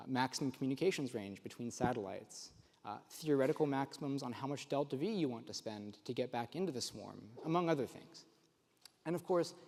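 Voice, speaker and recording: A man's voice: medium pitch, a little mellow. A young man giving a technical conference talk, eager and explanatory, with a few fillers and restarts. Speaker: conference presenter. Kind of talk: technical presentation. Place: large conference room. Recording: long hall reverb.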